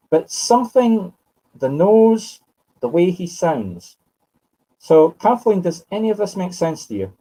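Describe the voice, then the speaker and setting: This fairly high, warm male voice belongs to a man from Scotland in his fifties working as a medium. He muses aloud during live spiritual readings, addressing sitters by name and correcting himself as he goes, all on a low-quality recording.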